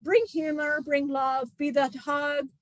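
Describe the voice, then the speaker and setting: A woman's voice: high voice, level tone, slow, no echo. A woman channeling a jovial ancient male spirit teacher, giving rambling, joking advice. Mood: warm jokey.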